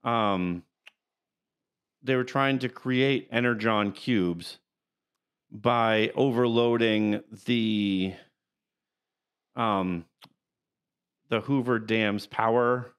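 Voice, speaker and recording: A man co-hosting a casual podcast chat, talking in a halting, rambling way and reading out character facts. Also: fairly low pitch, fairly bright tone, smooth. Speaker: podcast co-host.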